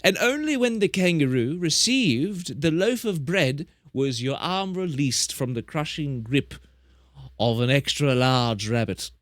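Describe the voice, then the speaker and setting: Chatty streamer, dry sound. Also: male voice, on the high side, lively intonation, a little slow, fairly bright tone, dry recording. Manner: rambling, chatty, self-correcting, plays up tall tales. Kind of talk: casual live-stream chat.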